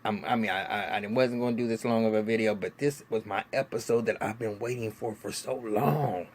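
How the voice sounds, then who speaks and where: A man giving a casual vlog review of a TV episode, animated and profane, with lots of restarts and laughing asides. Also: fairly low pitch, brisk, slight background noise. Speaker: TV show reviewer.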